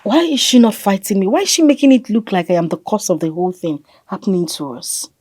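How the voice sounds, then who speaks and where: An actress playing a wife, questioning and worried. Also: female voice, medium pitch, big pitch swings, quick pace, darkish tone. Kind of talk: film drama acting.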